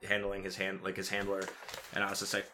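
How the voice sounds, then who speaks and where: A man's voice: low-pitched, completely flat delivery, quick pace, pushed and bright, slight background noise. A man telling stories in casual chat, rambling and profane, with lots of fillers and restarts.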